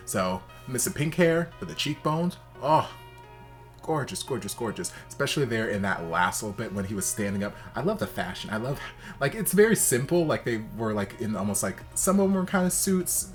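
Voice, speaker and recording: A man hosting a reaction video in casual, campy commentary, leaping into high exaggerated exclamations.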